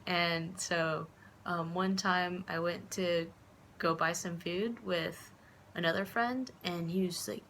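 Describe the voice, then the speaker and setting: A woman's voice: lowish voice, steady tone, slow, fairly bright tone, slight background noise. Rambling young American woman vlogging. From United States. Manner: rambling, full of fillers and restarts, acts out quoted voices. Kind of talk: casual rambling vlog.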